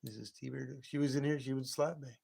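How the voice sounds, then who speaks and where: A man hosts a casual late-night live stream from his home, talking straight to his viewers. He rambles from one thought to the next and chuckles often. His voice sits at an ordinary middle pitch. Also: steady tone, fairly quick, vocal fry, dark tone, breathy edge.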